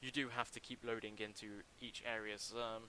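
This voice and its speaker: A young man chats through a livestream as he works on a game level, his fairly low voice carrying a bright, forceful edge. He talks in a halting way, full of ums and restarts, close to a desk mic with a faint hiss behind. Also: level tone, poor audio. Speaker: livestreamer building a game mod. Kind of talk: casual livestream commentary.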